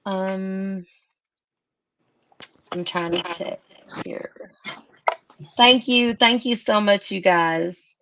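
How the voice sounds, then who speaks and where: A woman's voice: mid-range voice, very slow, long pauses, fairly bright tone, a little hiss or hum. A woman hosting a casual live stream, chatting and thinking aloud with emotion.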